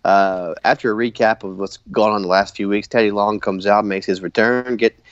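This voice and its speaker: A man with a lowish voice chats casually, laughing often and slipping into quoted lines as he goes. The sound is dry and a bit dull, like a lo-fi home mic. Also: steady tone, moderate pace, clean tone, no echo. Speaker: podcast host. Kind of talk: casual chat recapping wrestling.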